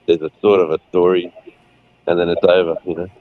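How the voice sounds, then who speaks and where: A man's voice: low voice, flat delivery, fairly quick, dry recording, phone-quality sound. A middle-aged man, chatting casually on a livestream and retelling scenes with laughs. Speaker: livestream co-host. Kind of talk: casual chat.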